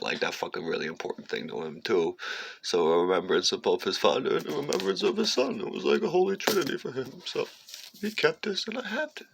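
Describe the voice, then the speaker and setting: A man's voice: low voice, vocal fry, a little hiss or hum. A man telling a rambling personal story in a casual, profane way, sometimes breaking off to talk to his cat. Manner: profane, meandering, animated, talks aside to his cat.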